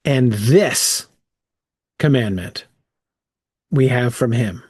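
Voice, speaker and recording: A man's voice: mid-range voice, expressive, very slow, a little mellow, breathy edge, dry recording, clean studio sound. A man leading a casual bible study, thinking aloud with frequent "um" and "right?" as he works through the text.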